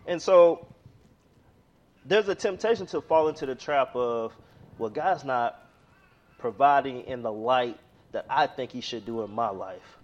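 A man's voice: mid-range voice, muffled recording. A man preaching a sermon in a conversational way, telling a story and reading scripture aloud.

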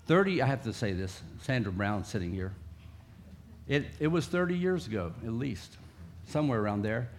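A man's voice: medium pitch, animated, normal speed, slight background noise. A man preaching a sermon in a conversational way, sometimes acting out coaxing voices. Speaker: pastor.

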